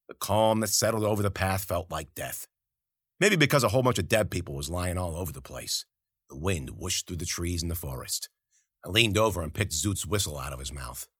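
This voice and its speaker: Guy reading a rough slangy first-person story, lively swings, bright dry sound. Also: deep voice, fairly quick, no room sound. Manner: gritty, slangy, profane. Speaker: audiobook narrator.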